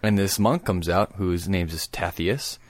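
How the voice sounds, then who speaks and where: Man, co-host, enthusiastic storyteller, low voice, dry mic sound. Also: measured pace, dry recording. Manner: enthusiastic storyteller, laughs often. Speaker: podcast co-host. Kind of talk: casual chat, storytelling.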